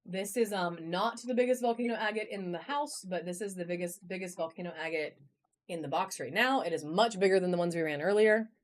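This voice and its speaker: A woman's voice: on the low side, brisk. A woman hosting a live online auction, talking in a bubbly, chatty way and greeting viewers by name as she shows items. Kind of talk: live-stream sales chat. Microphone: phone camera.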